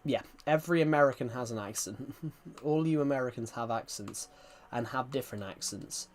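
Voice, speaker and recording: Chatting casually on a live stream, a man with a thick West Country accent from rural England rambles, repeats himself and keeps saying "guys." He speaks at normal speed and medium pitch, with a little hiss or hum behind him.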